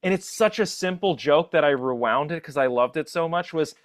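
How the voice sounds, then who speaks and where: A man's voice: a little high, brisk. Laughing, enthusiastic podcast man. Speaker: podcast co-host. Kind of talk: casual movie chat.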